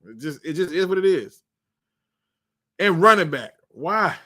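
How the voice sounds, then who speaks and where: A man hosting a live football draft stream in casual, joking speech. His voice sits high and jumps all over the place. The tone is bright and sharp. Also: measured pace, long pauses. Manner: animated, joking, colloquial. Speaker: sports show host.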